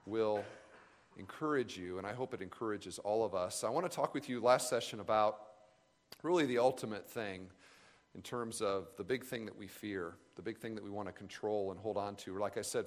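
Earnest low-voiced man preaching in a hall. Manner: earnest, reflective, with pauses and restarts. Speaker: speaker at a camp retreat. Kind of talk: sermon. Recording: long reverb of a large hall.

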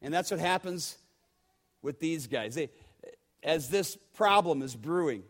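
High-voiced preacher, conversational. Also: male voice, lively intonation, measured pace, husky. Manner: conversational, repeats words, asks the congregation questions. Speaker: pastor. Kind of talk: sermon.

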